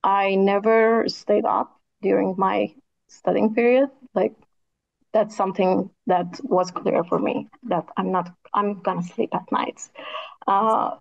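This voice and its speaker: A woman's voice: mid-range voice, steady tone, takes it slowly, vocal fry. Woman, tired voice, thoughtful, casual interview, slightly dull lo-fi audio. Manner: thoughtful, with frequent "like" and "kinda" fillers. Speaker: architect and podcast co-host, guest.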